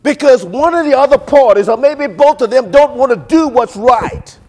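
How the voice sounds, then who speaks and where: A man with a high voice delivers a sermon in a rolling preacher's cadence. He drops to quiet, low asides, then lifts into loud, drawn-out emphasis, calling out to "folks" again and again. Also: lively intonation. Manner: preaching cadence with sing-song rises and big swings in loudness; keeps addressing listeners as folks.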